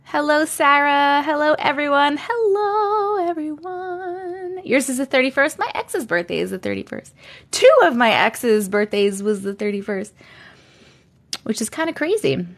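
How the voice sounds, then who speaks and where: Bubbly high-voiced woman streamer. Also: normal speed, fairly bright tone. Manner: bubbly, greets viewers by name, reads comments aloud. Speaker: live-stream host. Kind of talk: casual live-stream chat. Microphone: desk condenser mic.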